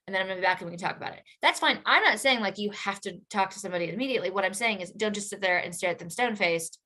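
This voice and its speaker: A woman hosting a podcast alone, talking casually about relationship habits, often adding "like" and "right?", with her voice rising for emphasis. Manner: chatty, many "like" and "right?" tags; lively, jumps up in pitch for emphasis. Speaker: podcast host, therapist educator. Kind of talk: casual educational monologue.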